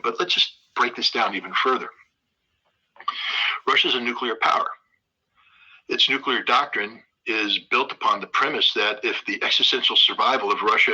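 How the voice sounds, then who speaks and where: A man's voice: lowish voice, sharp tone, husky, muffled recording. A man hosting a show, delivering impassioned political commentary and hammering his points by repeating them.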